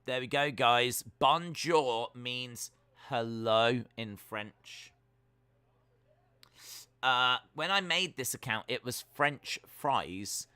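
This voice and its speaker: A British man hosting a live stream, reading viewer comments aloud and answering them with teasing, deadpan jokes. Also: mid-range voice, extremely slow, clean tone, dry recording. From United Kingdom. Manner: jokey, teasing, deadpan banter.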